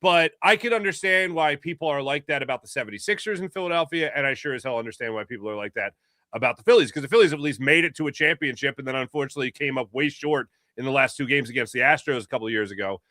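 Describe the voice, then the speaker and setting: A man's voice: medium pitch, racing, bright, forceful tone, dry recording, studio quality. A middle-aged man co-hosting a sports talk show, giving casual, emphatic and opinionated takes. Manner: emphatic, opinionated, speeds up when making a point.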